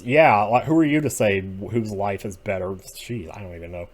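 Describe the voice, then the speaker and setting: Man, lowish voice, casual solo commentary, rambling, opinionated, mutters then bursts out. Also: moderate pace, hardly any pauses. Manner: rambling, opinionated, swings between muttering and outbursts. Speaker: video creator ranking TV episodes.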